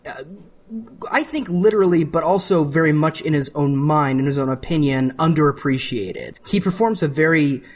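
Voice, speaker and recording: A man's voice: a little high, moderate pace. A man co-hosting a podcast in casual chat, rambling and often restarting his phrases. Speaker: podcast co-host.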